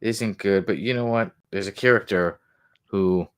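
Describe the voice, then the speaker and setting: A man co-hosting a podcast, chatting casually about comics in a rambling way, chuckling and reading quotes aloud slowly. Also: lowish voice, clean tone, no echo, studio quality. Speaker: podcast co-host.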